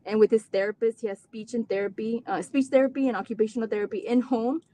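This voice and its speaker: A woman's voice: fairly high pitch, fairly even intonation, fast, dark tone, slight background noise. A woman telling a personal story as a guest mother, chatty and earnest, acting out quoted dialogue with many fillers and restarts. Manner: earnest, close to tears at times. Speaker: autism mom guest. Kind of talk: personal story, casual talk.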